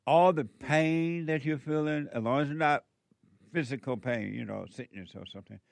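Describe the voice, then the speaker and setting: A man's voice: a little high, normal speed, creaky, dry recording. A man hosting a call-in radio show, giving spiritual advice in a drawling, preachy way with frequent chuckles.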